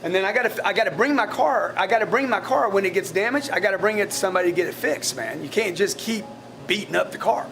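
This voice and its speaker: A man with a fairly high-pitched voice lectures a room of salespeople in a blunt, profane way. He stumbles over repeated words as he pushes his point, and a faint hiss sits under the recording. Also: fast talker. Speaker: sales team leader coaching his staff. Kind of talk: blunt motivational coaching talk to a team. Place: in front of a live group of staff.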